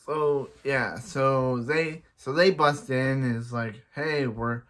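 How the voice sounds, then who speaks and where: A young man giving a casual, rambling movie review, often restarting and paraphrasing characters in quick bursts. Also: mid-range voice, fairly bright tone.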